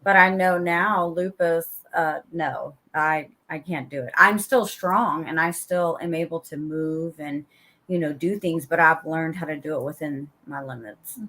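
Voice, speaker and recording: Earnest woman veteran, low voice. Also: unhurried, pushed and bright. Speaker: guest, military veteran. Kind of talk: casual interview chat.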